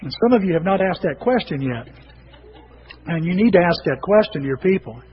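A man preaching with a fairly high voice that rings with a long hall reverb. He talks in an animated way, stumbling over and repeating words as he presses his points. The sound is dull and lo-fi with a faint hiss behind it. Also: brisk. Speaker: pastor. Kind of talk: sermon.

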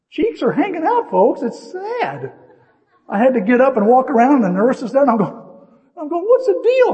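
A middle-aged man preaching a sermon, telling a personal story in an animated way with jokey asides. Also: high-pitched, long reverb tail, muffled recording. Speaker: pastor.

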